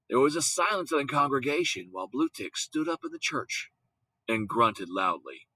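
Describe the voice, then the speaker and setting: Lively, bright-voiced man reading a story. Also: medium pitch, normal speed, no room sound, poor audio. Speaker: audiobook reader. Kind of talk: storybook read-aloud narration.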